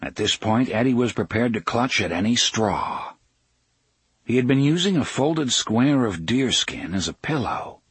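A man narrating a novel in a measured, steady storytelling manner. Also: mid-range voice, breathy edge, dry recording. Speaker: audiobook narrator. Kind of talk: scripted narration.

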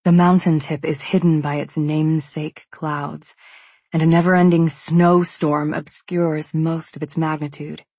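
Slow husky woman narrating. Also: low-pitched, level tone, a little mellow, dry recording. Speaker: audiobook narrator. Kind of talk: first-person fiction narration.

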